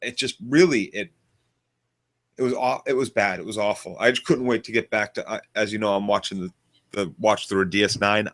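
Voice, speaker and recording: A man's voice: fairly low pitch, fairly even intonation, brisk, a bit bright. A man co-hosting a casual TV review chat, joking and rambling. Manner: joking, rambling, laughs easily. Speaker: podcast co-host.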